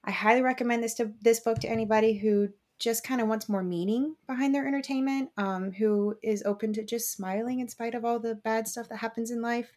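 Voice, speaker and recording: A woman co-hosting a podcast, giving a relaxed, rambling book review full of ums. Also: fairly high pitch, fairly quick, hardly any pauses. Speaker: podcast co-host reviewing books. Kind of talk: casual book review chat.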